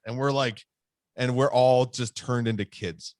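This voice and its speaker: A man's voice: mid-range voice, moderate pace, darkish tone, no echo, clean studio sound. A man co-hosting a podcast, telling a story in a rambling way with lots of fillers and swearing. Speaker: podcast co-host. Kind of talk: casual storytelling chat.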